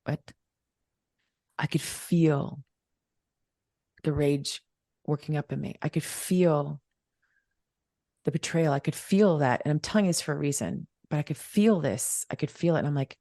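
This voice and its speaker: A woman's voice: sits low, moderate pace, pauses often, dark tone, no room sound, studio quality. A middle-aged woman, a wealth mentor, telling a personal story as a podcast guest, emphatic and repetitive as she acts out the dialogue.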